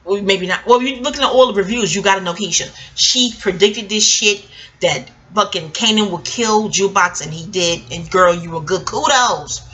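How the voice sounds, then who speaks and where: Bright-voiced woman rambling through a TV recap. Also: mid-range voice, moderate pace, slightly rough. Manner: rambling, scattered and joking, with frequent asides; swears freely. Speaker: TV recap vlogger. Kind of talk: casual episode review.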